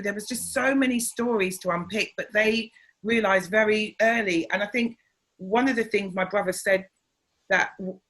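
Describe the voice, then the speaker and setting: Speaking at a medium pitch, a middle-aged woman who is a comedian recounts family anecdotes as an interview guest. She's relaxed and lively, doing voices for everyone she quotes, though the recording quality is low.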